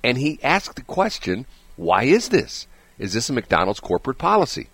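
Hosting a morning radio show in a studio, a man chats casually and tells rambling stories, animated and full of chuckles. He has a mid-range voice with a breathy edge and speaks at normal speed on a dry recording.

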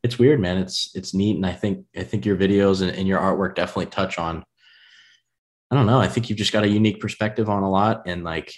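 A deep-voiced man from the American Midwest hosts a relaxed podcast conversation. His talk is laid-back and easygoing, sprinkled with "man" as he muses aloud. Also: fast talker. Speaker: podcast host, designer. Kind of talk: casual podcast chat.

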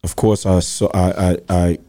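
Deep-voiced male podcast host. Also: little pitch movement, moderate pace, warm tone. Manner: thoughtful, storytelling with restarts. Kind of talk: casual interview chat.

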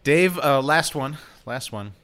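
A man's voice: medium pitch, expressive, slow pace, fairly bright tone. A man hosting a casual podcast quiz, reading quotes aloud and laughing often. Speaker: podcast host running a quiz.

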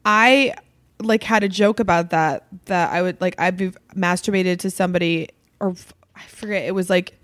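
A woman's voice: fairly low pitch, moderate pace, a bit bright, no echo, studio quality. A woman comedian in casual podcast chat, telling meandering stories that trail off and restart. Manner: rambling storyteller, trails off and restarts.

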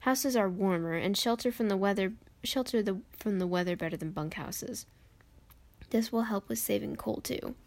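A woman's voice: mid-range voice, moderate pace, creaky, no echo. Woman reading a game guide on her phone. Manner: rambling, self-deprecating asides. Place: bedroom. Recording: dry phone recording.

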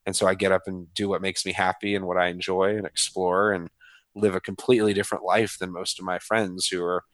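Thirties guy on a podcast, low-ish voice, dry sound, keeps saying man and dude all excited. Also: fairly quick, no echo. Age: 30s. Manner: enthusiastic, says "man" and "dude" often. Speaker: guest author. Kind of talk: casual podcast interview.

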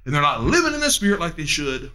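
Male preacher, sermon, emphatic, higher voice, bright and forceful tone. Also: big pitch swings, quick pace. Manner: emphatic, with big swings from loud to hushed; asks the audience questions.

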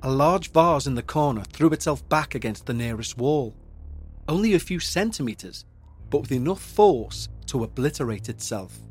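A man narrating a ghost story with measured, dramatic pacing as the host of a paranormal podcast. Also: mid-range voice, animated, a little mellow, husky, soft background music.

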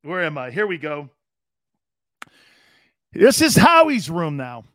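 Brash male sports host in his fifties, higher voice, profane and mocking, dry close sound. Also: huge pitch swings, takes it slowly, a bit bright, no room sound. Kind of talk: live sports talk.

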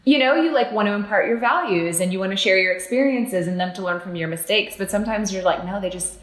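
A woman's voice: mid-range voice, fast talker. Chatty woman telling stories in a roomy space. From North Carolina, US. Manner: animated, laughing storyteller. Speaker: podcast guest. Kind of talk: casual storytelling chat. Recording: roomy echo.

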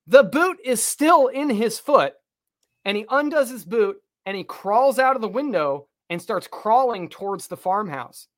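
Casual storytelling man, animated and profane. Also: high-pitched, a little slow. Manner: animated, swears freely, acts out quotes. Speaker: podcast guest telling a story.

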